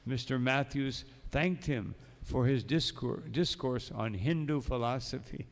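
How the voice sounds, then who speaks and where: A man's voice: mid-range voice, measured pace. A man giving a morning sermon as a monk, telling stories and breaking in with asides. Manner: storytelling, reads passages aloud then adds asides. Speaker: monk lecturer. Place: temple hall. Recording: long echoing hall.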